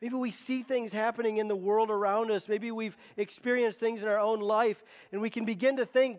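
A man's voice: high voice, fairly even intonation, moderate pace, hardly any pauses, long reverb tail. A man preaching a sermon as pastor, emphatic and often repeating words as he presses a point.

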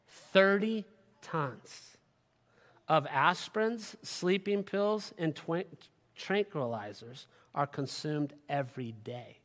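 Bright-voiced male pastor preaching in a hall. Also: on the high side. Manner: dynamic preaching, swinging from loud to hushed. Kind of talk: sermon. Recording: live sermon in a reverberant hall.

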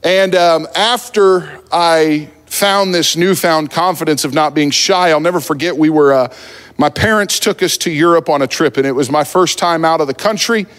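Joking preacher in a reverberant church. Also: male voice, fairly high pitch, moderate pace, fairly bright tone. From New Jersey. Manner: humorous, self-deprecating, conversational. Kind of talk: storytelling sermon. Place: church sanctuary at the pulpit. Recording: long church hall reverb.

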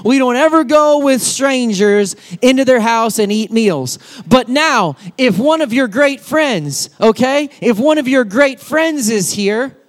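Very high-voiced animated preacher man. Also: measured pace, hardly any pauses. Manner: animated, emphatic, addresses kids directly. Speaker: children's pastor. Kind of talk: children's sermon.

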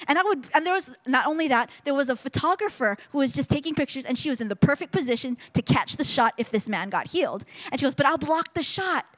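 A woman's voice: high voice, expressive, fast, few pauses, a bit bright. A woman telling a testimony at a church service, earnest and storytelling, often restarting her sentences. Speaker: speaker sharing a testimony. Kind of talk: sermon testimony.

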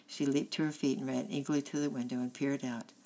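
A woman narrates a children's storybook in a steady, unhurried voice. Her pitch is strikingly low, and a gravelly creak runs under her words. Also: rough recording. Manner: steady, plain reading. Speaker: audiobook reader.

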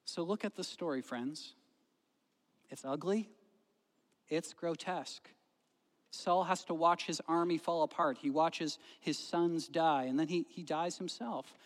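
A man preaching a sermon as pastor, telling a story and swinging between loud emphasis and hushed moments. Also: on the high side. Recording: long hall reverb.

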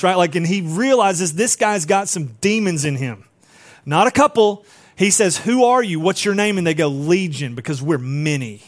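A man preaching a sermon in a casual, conversational way, often dropping to a hushed voice for emphasis and checking in with listeners. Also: on the high side. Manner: frequent tag questions and asides to the congregation. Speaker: pastor.

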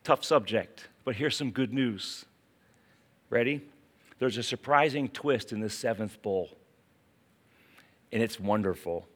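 A man with a West Virginia accent preaching a sermon, dropping to quiet asides and then rising to urgent, emphatic calls. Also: medium pitch, a little slow, long pauses. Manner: dramatic swings from hushed asides to urgent exclamations. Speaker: pastor.

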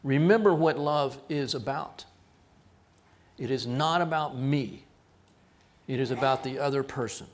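A male pastor preaching a sermon, telling a story with lively acted-out dialogue. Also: mid-range voice, measured pace, pauses often. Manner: animated storyteller, acts out quoted voices. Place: church.

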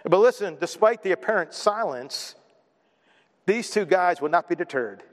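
A man's voice: sits high, animated, normal speed, in a large hall. A man preaching a sermon as pastor, emphatic and building with repeated phrases.

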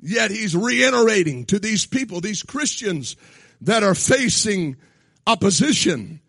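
A man preaching a sermon in a church, shouting his points, then dropping to quiet asides. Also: sits high, expressive, unhurried, vocal fry, no echo, studio quality. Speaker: pastor. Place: church sanctuary.

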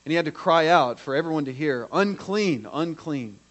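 A man preaching a sermon, acting out quoted voices and swinging from hushed to loud. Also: fairly high pitch, fast talker. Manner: dramatic, acts out the quoted voices.

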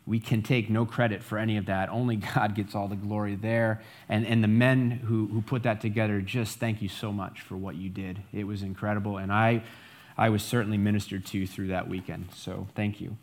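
A man's voice: on the low side, a bit bright. Joking, self-deprecating male pastor. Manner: humorous, self-deprecating, repeats words as he restarts. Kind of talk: sermon.

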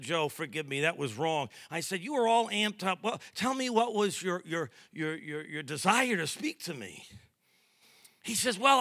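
A male preacher delivers his sermon in a high, bright voice. He acts out conversations in his stories and slips in humor. The sound is dry, with no room echo. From New York. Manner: storytelling with acted-out dialogue, lively and humorous. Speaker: pastor.

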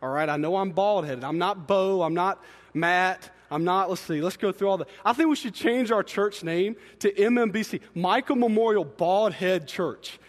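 A young man preaching in a church sanctuary, his fast, excitable, joking delivery carrying a long reverb tail. His voice sits high for a man and bursts with enthusiasm. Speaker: student ministry pastor. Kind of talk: energetic sermon.

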